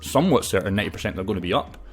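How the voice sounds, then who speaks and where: Faint music plays behind this fairly low-pitched man, who talks rapid-fire. He's a crypto YouTuber in a relaxed to-camera video, cursing and brash as he spins lively stories and opinions.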